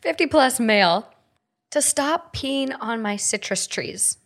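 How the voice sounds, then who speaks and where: Young woman podcast host, slightly high voice, reads out listener posts, expressive. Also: slow, gravelly. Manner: laughs easily, reacts expressively. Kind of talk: casual chat and reading listener posts.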